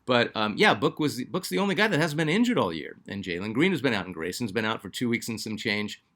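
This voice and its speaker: A man hosting a basketball fan channel in loose, casual commentary. He talks in a chatty way at an ordinary middle pitch, full of "uh"s, restarts and asides as he works through viewer comments. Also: expressive, fast talker, a bit bright. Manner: chatty, filler-heavy, restarts often. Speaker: sports channel host.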